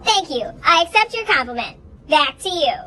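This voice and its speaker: Kids' puppet: a tiny, very high, bright-voiced girl reporter, chirpy and formal. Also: very animated, normal speed, full character voice. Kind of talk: children's puppet show.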